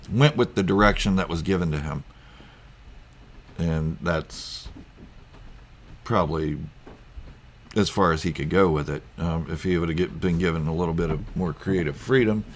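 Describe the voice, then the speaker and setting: A man's voice: deep voice, moderate pace, long pauses. A man hosting a casual live stream from home, rambling through viewer comments with lots of ums and chuckles. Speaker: YouTube channel host.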